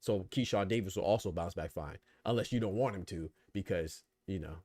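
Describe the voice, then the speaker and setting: A man's voice: deep voice, fairly quick, a little mellow, dry recording. A man hosting a boxing podcast, talking casually and with energy, asking rhetorical questions and reading out chat comments. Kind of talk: casual live-stream commentary.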